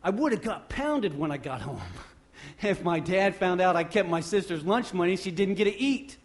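A male pastor preaching a sermon off the cuff, swinging from loud emphatic bursts to quiet low passages and often restarting his phrases. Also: normal speed. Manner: repeats and restarts phrases while speaking off the cuff.

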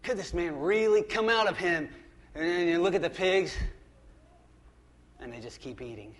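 A man's voice: high-pitched, expressive, normal speed. A man pastor preaching a sermon in a church, conversational and emphatic, often restarting and repeating phrases.

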